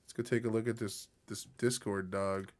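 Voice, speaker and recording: A man's voice: lowish voice, little pitch movement, normal speed. A young man streaming, rambling in a laid-back, slangy way as he chats with his viewers. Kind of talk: casual live-stream chat.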